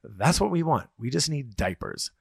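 A man's voice: mid-range voice, sing-song, normal speed, vocal fry, breathy edge, no room sound, clean studio sound. Rambling, swearing male podcast co-host. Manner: rambling, swears freely, retells stories with quoted voices. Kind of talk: casual chat.

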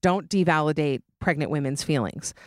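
A pregnant young woman hosts a podcast, chatting casually and dramatically and laughing often. She has a deep voice and talks at a normal speed, and the recording is dry and clean, studio quality.

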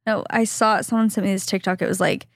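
A woman co-hosting a casual podcast, from Southern California, chatty and playful as she mimics the people in her stories. Her voice has a middle pitch and is recorded close and dry. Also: steady tone, fast talker, dry recording. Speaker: podcast co-host. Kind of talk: casual chat.

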